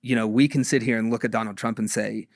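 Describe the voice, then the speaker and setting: A man answering interview questions in a measured way, often pausing with ums and restarting. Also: lowish voice, fairly even intonation, no room sound, clean studio sound. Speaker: interview guest.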